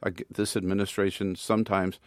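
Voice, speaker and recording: Low-voiced man political commentator. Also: little pitch movement, fairly quick, dry recording, studio quality. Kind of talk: political panel discussion.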